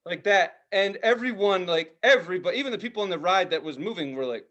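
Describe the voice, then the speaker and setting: A man co-hosting a podcast, telling a profane, animated story in casual chat, now and then shouting loudly. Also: high voice, quick pace, dull audio. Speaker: podcast co-host.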